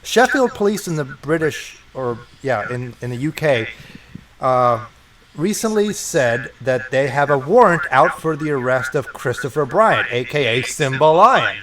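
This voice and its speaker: A man's voice: medium pitch, very animated, unhurried, fairly bright tone, a little hiss or hum, poor audio. A man co-hosting a casual podcast, recapping news and laughing easily. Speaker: podcast co-host.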